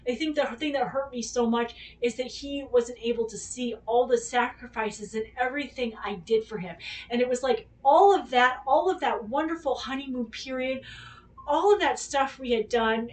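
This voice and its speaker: A woman with a slightly high voice tells a personal story in loose, rambling chat. She is candid and swears freely, acting out what each person said. She sits a bit back from the microphone, so her voice sounds slightly distant. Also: normal speed. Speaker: podcast host.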